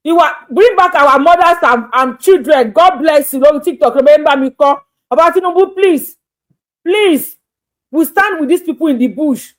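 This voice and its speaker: A Nigerian woman with a high voice, a social media creator, pleads urgently into the camera in an impassioned appeal. She begs and repeats herself, swinging between rapid talk and slow, drawn-out entreaties.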